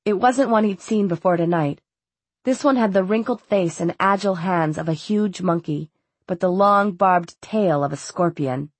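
A woman reading a novel aloud as an audiobook narrator, in a steady, measured way. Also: lowish voice, husky, no echo. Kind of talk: scripted narration.

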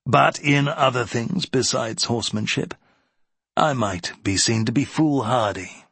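A man voicing a gallant naval captain in a period story, measured and restrained. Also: medium pitch, fairly bright tone, slightly rough, dry recording. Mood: wry.

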